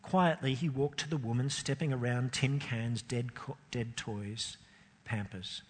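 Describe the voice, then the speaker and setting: A man telling a story in a dramatic, expressive reading, slowing down with emotional pauses. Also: medium pitch, breathy edge. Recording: long hall reverb.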